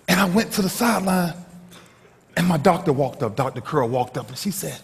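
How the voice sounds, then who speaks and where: High, lively man preaching in an echoey hall. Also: brisk, gravelly. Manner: dramatic storyteller, swinging from shouts to hushed lows. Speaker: motivational speaker. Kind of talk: motivational speech to a live audience.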